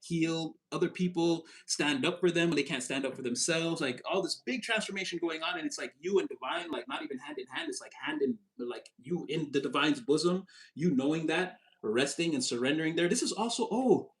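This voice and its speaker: A man giving a casual, animated tarot reading, with a slangy spiritual pep-talk manner that jumps up in pitch when he gets excited. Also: a little fast, few pauses, rough recording. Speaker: tarot reader.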